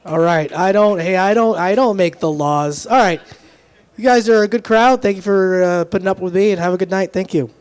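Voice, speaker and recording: A young man works the room at an open mic in a small club, speaking into a handheld stage mic. His voice sits high for a man, and he ribs the crowd and himself as he goes. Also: normal speed, clean tone. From Dominican heritage, grew up in Texas area. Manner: self-deprecating, crowd-teasing punchlines. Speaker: stand-up comedian. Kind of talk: open mic stand-up comedy. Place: small live music club.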